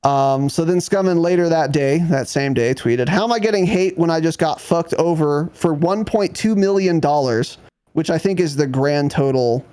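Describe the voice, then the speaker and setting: A man's voice: a little high, normal speed, warm tone, smooth. A man co-hosting a gaming podcast, talking bluntly and sardonically in casual chat and swearing freely. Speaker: podcast co-host.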